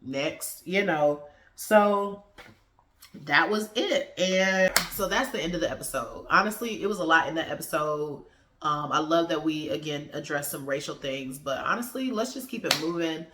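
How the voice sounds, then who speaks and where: A woman's voice: sits low, moderate pace, noisy background. Chatty woman reviewing TV in a roomy space. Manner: animated, slangy, acts out the characters' lines. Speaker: TV episode reviewer. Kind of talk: casual review vlog.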